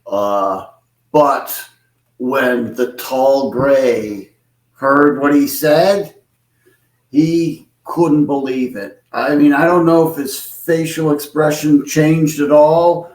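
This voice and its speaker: A man who is a podcast guest, telling a story quietly and in a measured, casual way. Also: a little high, steady tone. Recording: roomy sound from a distant mic.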